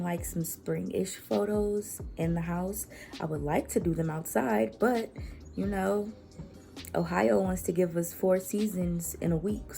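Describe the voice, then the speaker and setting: Gravelly low-voiced young woman vlogging. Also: mellow. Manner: chatty, slangy, laid-back. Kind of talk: casual chat to camera. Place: her bedroom at home. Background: music playing.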